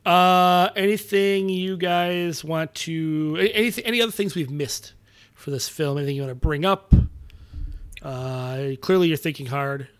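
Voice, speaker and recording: High-pitched guy hosting a podcast, teasing his co-hosts, keeps things moving. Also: measured pace. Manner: steers the talk, teasing. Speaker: podcast host. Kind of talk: casual chat.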